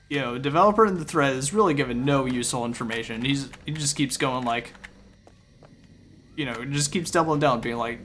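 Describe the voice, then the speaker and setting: A man's voice: mid-range voice, fairly quick, a bit bright, a little hiss or hum. A man streaming a game, recapping his frustration in a rambling, exasperated way, often acting out his own thoughts. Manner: rambling with fillers and repeated phrases. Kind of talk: casual ranting recap of a game.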